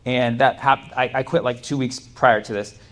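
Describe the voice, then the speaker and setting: A man's voice: mid-range voice, steady tone, moderate pace, fairly bright tone. A man performing a stand-up comedy set, telling stories animatedly and laughing often. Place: comedy club stage.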